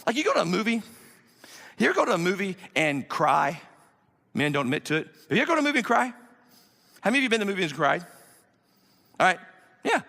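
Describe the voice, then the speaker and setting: A man's voice: sits high, sing-song, fast talker, gravelly, long pauses, bright, forceful tone. A man in his fifties, a pastor preaching an emphatic, conversational sermon full of rhetorical questions, in a church. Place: church sanctuary. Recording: long hall reverb in a church.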